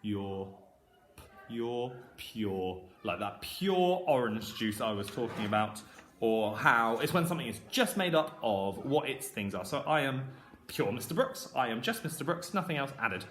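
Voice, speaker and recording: A young male primary school teacher with a British accent, giving a phonics lesson to camera and slowly sounding out words in an encouraging way. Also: mid-range voice, sing-song, a bit bright, a little hiss or hum. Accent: British English. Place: classroom. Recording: echoey classroom.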